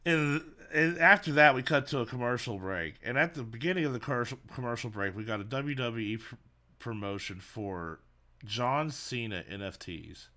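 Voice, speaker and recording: A man's voice: medium pitch, lively intonation, normal speed, pushed and bright. A man with a Texan accent co-hosting a wrestling podcast, recapping the show in a laid-back, joking way. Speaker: podcast co-host. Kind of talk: casual wrestling recap chat.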